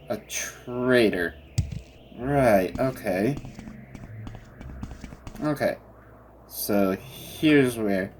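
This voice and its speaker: A man's voice: medium pitch, drawn-out words, pauses often, faint music behind. A man giving casual gameplay commentary, muttering to himself and bursting into cursing rants. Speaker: gamer playing a role-playing game.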